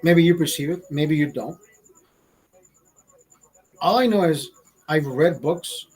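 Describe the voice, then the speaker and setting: Husky Honduran man ranting bluntly. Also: a little high, takes it slowly, a little mellow, poor audio. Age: 40s. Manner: profane, blunt, indignant ranting. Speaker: vlogger. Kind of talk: casual ranting monologue.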